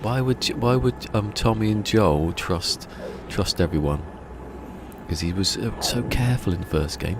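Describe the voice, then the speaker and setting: A man's voice: fairly low pitch, normal speed, noisy background. An English man streaming a game live, chatting casually in a rambling way, often restarting his sentences. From England.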